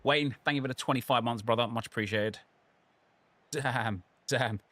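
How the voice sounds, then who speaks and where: A man's voice: mid-range voice, moderate pace, dry recording. A man, casually commenting on his football game while chatting with viewers. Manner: relaxed, chatty, reacting to the match and to viewers. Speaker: gaming streamer. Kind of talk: casual live gameplay commentary.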